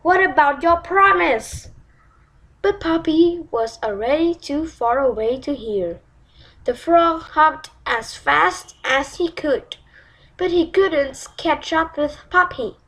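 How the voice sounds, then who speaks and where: A woman reading a children's storybook aloud in a slow, expressive way. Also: high voice, low-quality recording.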